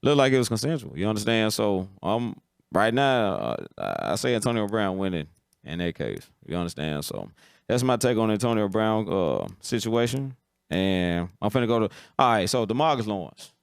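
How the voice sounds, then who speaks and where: A man's voice: on the low side, very animated, normal speed, vocal fry, clear, resonant tone, dry recording, studio quality. A man hosting a live football talk stream, giving blunt opinions in casual commentary and often checking "you understand?".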